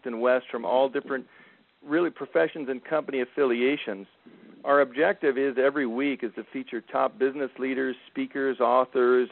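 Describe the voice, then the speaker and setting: Gravelly guy co-host, earnest intro, dry tinny phone line. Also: medium pitch, dry recording. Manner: earnest, with filler pauses.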